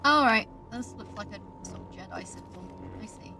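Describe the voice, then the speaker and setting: A woman's voice: medium pitch, wildly swooping pitch, moderate pace, bright, forceful tone. A woman streaming a video game, chatting casually, swearing and laughing at herself. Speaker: VTuber streamer. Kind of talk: casual gameplay commentary. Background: game music.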